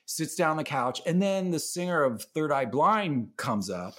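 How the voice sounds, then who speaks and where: A man's voice: fairly high pitch, big pitch swings, normal speed, a bit bright. A man, a band member, telling road stories casually on a podcast, laughing often and swearing freely. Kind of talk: casual storytelling.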